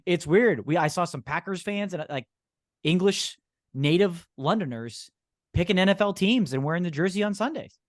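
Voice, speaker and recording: A man co-hosting a podcast in casual chat, a relaxed storyteller who laughs often. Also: high voice, moderate pace, dry recording, studio quality. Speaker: podcast co-host.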